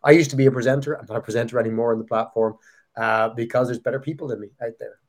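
A middle-aged Irish man talking as a podcast guest, chatty and joking with quick asides. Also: mid-range voice, fairly even intonation. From Ireland. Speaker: guest, company founder. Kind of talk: casual podcast conversation.

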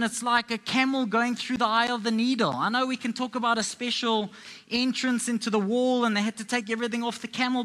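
A man with a high, bright voice preaches a sermon to a live congregation. He tells Bible stories in a playful, chatty way, as if talking with friends. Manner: playful, conversational storytelling. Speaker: pastor.

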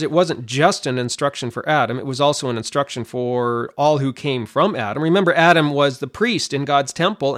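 A man teaching a Bible passage in an explanatory way, often repeating a word as he thinks. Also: fairly high pitch. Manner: animated, explanatory, repeats words while thinking.

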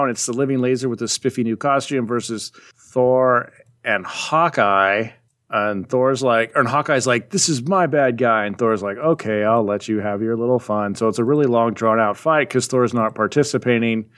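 Man casually recapping a comic. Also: mid-range voice. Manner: rambling, animated retelling with quick voices for characters. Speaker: podcast co-host recapping a comic. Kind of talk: casual chat.

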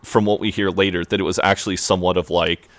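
A man's voice: fast talker, no room sound. A man co-hosting a podcast, animatedly retelling a TV episode scene by scene. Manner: animated retelling, acting out lines in high mock voices. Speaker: podcast co-host. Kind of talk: casual chat recapping a TV episode.

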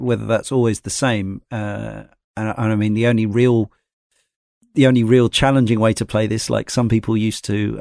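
A man's voice: on the low side, a little mellow, dry recording, clean studio sound. A man hosting a podcast, talking through a game in a thoughtful, rambling way and passing questions to his co-hosts. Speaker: podcast host. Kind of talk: casual game discussion.

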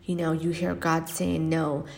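A woman hosting a faith-based podcast, speaking earnestly and reflectively with frequent pauses and fillers. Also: sits low, flat delivery, gravelly, darkish tone. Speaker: podcast host. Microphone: podcast microphone.

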